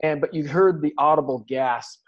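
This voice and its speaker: A guest athlete tells his story in an interview, earnest and reflective, often restarting sentences. His voice is on the high side at a normal speed, captured in a dull lo-fi recording.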